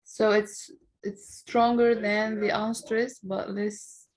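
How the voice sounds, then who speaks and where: A woman's voice: medium pitch, flat delivery, slow pace. A woman student in a grammar class, asking questions with hesitant restarts.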